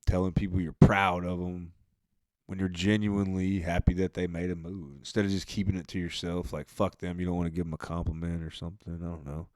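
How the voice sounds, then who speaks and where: A man hosting a podcast, telling a rambling, profane story in a laid-back way, his voice often trailing off quietly at the end of phrases. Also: deep voice, level tone, fairly quick, dry recording, clean studio sound. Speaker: podcast host. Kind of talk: casual monologue.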